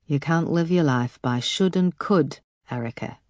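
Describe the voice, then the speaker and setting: A woman voicing an older Yorkshire father, kind and a bit gruff, speaking gently and consolingly in an audiobook. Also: deep voice, a little slow, no room sound, clean studio sound.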